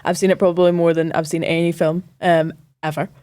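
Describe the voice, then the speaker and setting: A woman's voice: on the low side, level tone, a little fast, mellow, no room sound. Chatty Scottish woman, dry close sound. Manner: enthusiastic, chatty. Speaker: podcast co-host. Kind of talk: casual chat.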